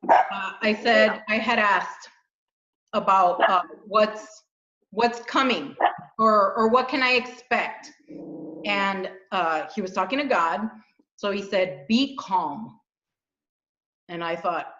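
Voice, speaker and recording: Woman host, earnest animated storyteller, roomy muffled recording. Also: medium pitch. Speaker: channel host. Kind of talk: casual spiritual chat. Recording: dull echoey room sound.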